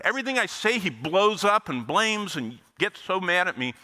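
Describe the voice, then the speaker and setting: Brief: fretful wife, high and pleading, as a male preacher puts her on in a sermon story. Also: sing-song, normal speed, bright, forceful tone, big-room sound, heavily acted, low-quality recording. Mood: anxious. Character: worried wife of a missionary doctor.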